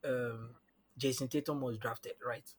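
A man's voice: medium pitch, steady tone, unhurried, breathy edge. A man talking through basketball matchups on a casual sports podcast, laying out numbers step by step and often checking in with "you understand?". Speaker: podcast guest analyst.

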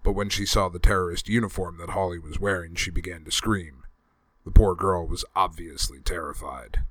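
Deep-voiced man narrating a story. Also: steady tone, normal speed, a bit bright, dry recording. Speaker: audiobook reader. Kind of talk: scripted narration.

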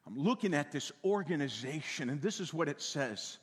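Older pastor with a high voice. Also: male voice, lively intonation, normal speed, husky, long reverb tail. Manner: folksy, repeats words, swings from loud to hushed. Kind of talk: sermon.

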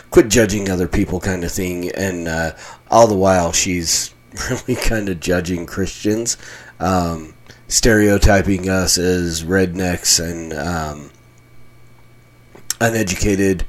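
Low-voiced chatty man from Colorado. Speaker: pastor and podcast host. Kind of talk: casual solo podcast monologue. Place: small home-built basement room.

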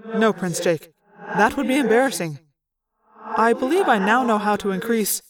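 A woman's voice: mid-range voice, expressive, moderate pace, music in the background, close to an everyday voice. A woman voicing a formal, polite male alien cadet pilot who speaks stiffly and tersely.

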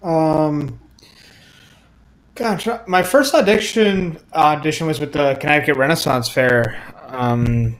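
A man's voice: a little high, slow pace, rough recording. A man chatting casually about his start as a fair actor, rambling and laughing, acting out quoted lines. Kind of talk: casual podcast chat.

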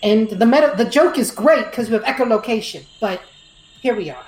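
A young woman playing a tabletop game in casual chat, excitable, swearing freely and stammering when upset. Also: on the high side, a little fast, echoey room, poor audio.

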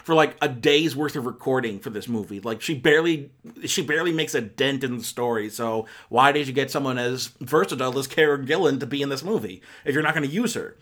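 A man's voice: mid-range voice, a little fast, a bit bright. A man giving a casual spoken film review on a podcast, rambling and self-correcting with many fillers and exasperated asides.

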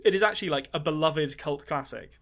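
A man's voice: a little high, fast talker, a bit bright. A man co-hosting a movie podcast in casual chat, rambling and swearing freely with many restarts. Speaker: podcast co-host.

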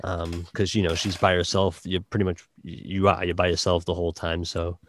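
A man with a Boston accent chatting casually about a game, halting with many restarts and fillers. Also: deep voice, little pitch movement, dry recording. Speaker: podcast guest reviewing a game. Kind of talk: casual chat.

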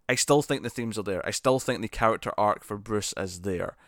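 A man casually discussing a film with a friend, animated and rambling, often restarting his sentences. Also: fairly low pitch, fairly quick, dry recording, clean studio sound. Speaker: podcast co-host.

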